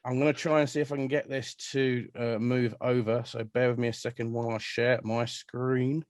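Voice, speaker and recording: A man's voice: medium pitch, level tone, moderate pace, dry recording. A chatty man hosts an interview over a video call, joking at his own expense and bantering with his guests. The sound is dry and close. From London, England. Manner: chatty, self-deprecating, playful banter. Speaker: radio show host.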